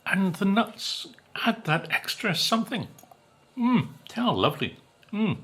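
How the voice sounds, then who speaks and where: A man from Britain tasting cakes on his food vlog, talking slowly and musing, humming as he savors each bite. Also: high voice, big pitch swings, fairly bright tone, breathy edge. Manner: slow, musing, savoring with hums between bites. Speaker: food vlogger.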